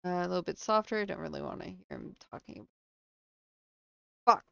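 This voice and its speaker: A woman streamer commenting live on a game, reading on-screen text aloud between quick reactions. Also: on the low side, creaky, clean tone, dry recording, lo-fi sound.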